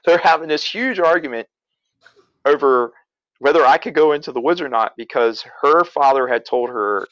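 A man's voice: medium pitch, moderate pace, a bit bright, no echo, highs cut off. A man from Pennsylvania telling a family story in a casual, rambling way, with chuckles and self-corrections. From south-central Pennsylvania.

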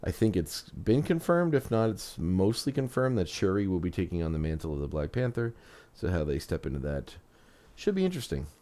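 A man's voice: low voice, very animated, brisk, hardly any pauses, warm tone. A man hosting a podcast, chatting casually with rambling restarts, then narrating a story. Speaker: podcast host.

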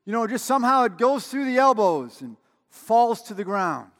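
Man, pastor, sermon, high voice, conversational, emphatic repeats, long hall reverb. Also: sing-song, normal speed, fairly bright tone. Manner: conversational, with emphatic repetition and storytelling asides.

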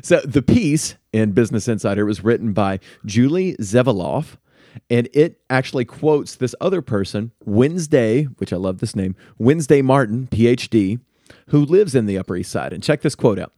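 A man's voice: medium pitch, animated, normal speed, dark tone, no echo, clean studio sound. A man hosting a podcast in casual chat, playful and teasing. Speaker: podcast host.

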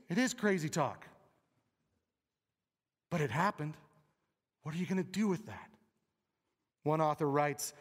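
A male pastor with a voice on the high side preaches an Easter sermon in a church sanctuary, conversational and emphatic, asking the crowd questions. The recording carries the long reverb of a large hall.

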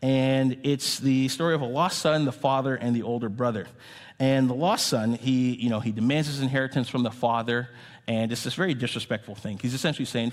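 A man giving an earnest sermon as a pastor, speaking in a measured way with small pauses and fillers. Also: mid-range voice, steady tone. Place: church hall. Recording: long hall reverb.

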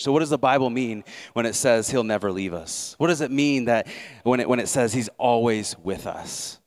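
A man's voice: mid-range voice, expressive, moderate pace, hardly any pauses. A man preaching a sermon as pastor, earnest and repeating words as he builds each point.

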